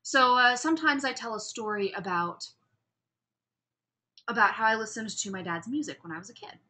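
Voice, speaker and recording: Upbeat instructor, woman, bright and slightly high voice, chatty lecture with restarts. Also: moderate pace. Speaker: public speaking instructor. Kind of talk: recorded class lecture.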